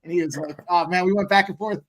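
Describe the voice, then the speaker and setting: Fast-talking high-voiced man, profane. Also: fairly bright tone. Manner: quick, profane storytelling. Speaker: co-host of a betting stream. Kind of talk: casual live-stream chat.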